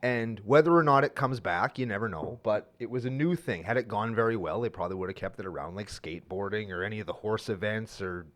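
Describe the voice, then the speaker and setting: A man co-hosting a casual podcast from Canada, ranting in a jokey, animated way about a news story. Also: lowish voice, quick pace, hardly any pauses. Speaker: podcast co-host. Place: indoor studio table.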